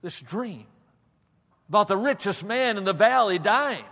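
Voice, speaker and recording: A man preaching, telling a story dramatically, swinging between loud passages and hushed ones, recorded with a long hall reverb. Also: sits high, lively intonation, measured pace. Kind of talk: sermon storytelling.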